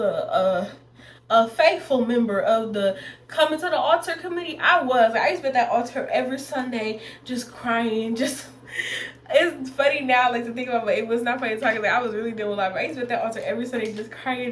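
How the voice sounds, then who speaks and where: A woman's voice: fairly high pitch, fast. A young woman in her twenties chatting to viewers while doing her makeup, rambling and addressing them as y'all. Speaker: beauty vlogger. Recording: echoey room with faint noise.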